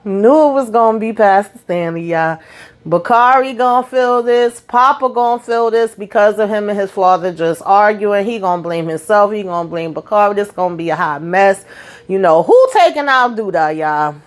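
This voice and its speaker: A woman hosting a casual TV episode recap, animated and chatty, talking straight to her viewers. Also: medium pitch, normal speed. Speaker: TV recap host.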